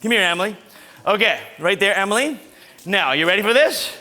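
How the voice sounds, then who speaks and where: A man's voice: high-pitched, lively intonation, brisk, pushed and bright. A man giving an upbeat anti-bullying talk at a school assembly, coaching kids through role-play.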